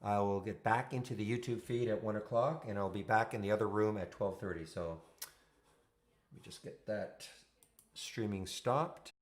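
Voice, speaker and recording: A man's voice: lowish voice, normal speed. A man hosting a live trading room, giving loose running commentary and thinking aloud as he goes. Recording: echoey room.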